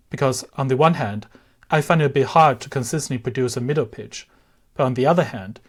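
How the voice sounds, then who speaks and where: A man giving an explanatory language lesson in a measured, careful way, pausing to demonstrate the pronunciation of words. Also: mid-range voice. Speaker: language teacher.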